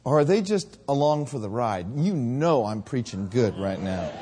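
A man preaching a sermon, telling stories and then building to shouted calls to the congregation. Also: mid-range voice, expressive, moderate pace, background noise. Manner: storytelling, rising to shouted exhortation.

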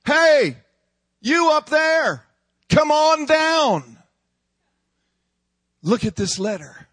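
A man's voice: sits high, a bit bright, breathy edge, no echo, exaggerated voice. A man voicing a taunting devil who jeers and mocks, in a sermon. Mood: mocking. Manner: mocking, jeering calls. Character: taunting devil luring believers down.

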